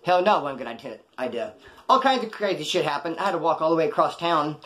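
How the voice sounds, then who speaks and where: A man's voice: a little high, lively intonation, fast talker, a bit bright. A middle-aged man, a former prisoner, telling a crime story in casual, profane street slang, rambling between asides. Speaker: ex-convict storyteller.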